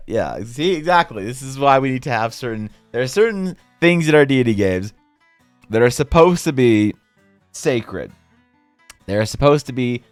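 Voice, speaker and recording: A man streaming, chatting casually while he draws, in a rambling, profane, animated way. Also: mid-range voice, smooth, no echo.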